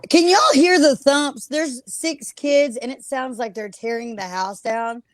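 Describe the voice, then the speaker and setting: A woman's voice: sits high, measured pace. A young woman from the Appalachian Mountains with an Appalachian accent, a guest on a video call, supportive and chipper. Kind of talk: casual chat.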